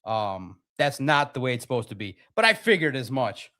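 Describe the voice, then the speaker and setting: A young adult man hosting a live sports podcast, talking in an animated, rapid-fire way and restarting his sentences often. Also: mid-range voice. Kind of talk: live-stream sports commentary.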